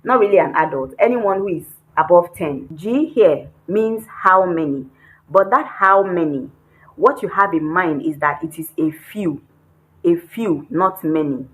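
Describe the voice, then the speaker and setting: An adult woman, not a native Chinese speaker, teaches a slow, deliberate beginner Chinese lesson, repeating words and spelling them out. Her voice is lowish and measured, and the recording is rough.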